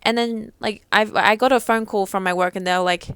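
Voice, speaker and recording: A woman's voice: mid-range voice, steady tone, moderate pace, few pauses, fairly bright tone, clear, resonant tone, dry recording. A young woman vlogger talking casually to camera, rambling with lots of "like" and freely swearing.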